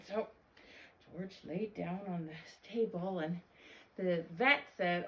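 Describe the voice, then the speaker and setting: A woman reading a storybook to young children, addressing them directly. She speaks slowly and with animated, widely ranging pitch.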